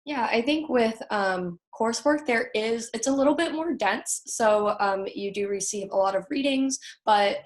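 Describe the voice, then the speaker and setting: A woman's voice: fairly high pitch, normal speed, few pauses. A young woman student on a video call, answering panel questions with many hesitant fillers. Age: young adult.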